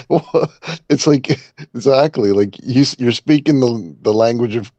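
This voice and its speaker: A man from Canada co-hosting a podcast, talking haltingly in casual chat with many fillers and chuckles. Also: mid-range voice, warm tone, no echo. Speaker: podcast co-host. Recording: dull lo-fi sound.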